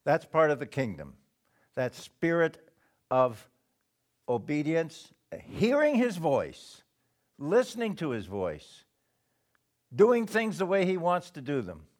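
A man preaching a sermon in a slow, deliberate way, pausing often and clearing his throat now and then. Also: a little high, huge pitch swings, a little mellow.

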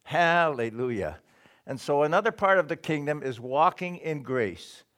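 A man preaching a sermon in a slow, deliberate way, pausing often and clearing his throat now and then. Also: a little high, lively intonation, fairly bright tone.

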